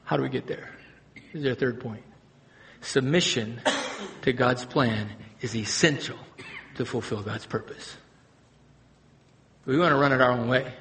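A man, the pastor, preaching a sermon, moving between hushed, low passages and loud, high-pitched emphasis. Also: unhurried, pauses often.

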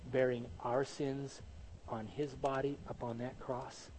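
A male pastor preaching a sermon in an animated way, peppered with rhetorical questions. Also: medium pitch, takes it slowly, slight background noise, low-quality recording.

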